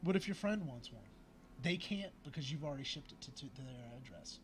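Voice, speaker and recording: A man's voice: mid-range voice, lively intonation, a little fast. A man co-hosting a gaming stream, talking in a casual, argumentative way and swearing freely. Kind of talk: casual chat over gameplay.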